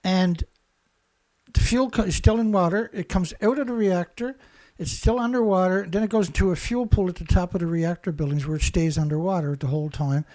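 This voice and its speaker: In a high, darkish voice that runs a little fast, a man hosting a show rants with rage. Insults pile up, and he keeps repeating himself.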